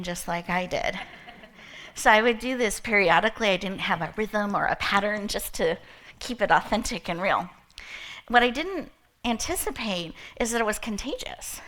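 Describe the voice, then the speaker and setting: A woman's voice: fairly high pitch, fairly bright tone. A woman giving a playful, inspirational opening talk to a live audience, telling stories and laughing often. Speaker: motivational speaker opening an event.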